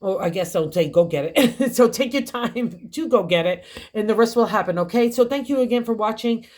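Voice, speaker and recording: A woman's voice: on the high side, lively intonation, fairly quick, darkish tone. An older woman giving a tarot reading, chatty and encouraging, laughing often as she talks. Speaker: tarot reader.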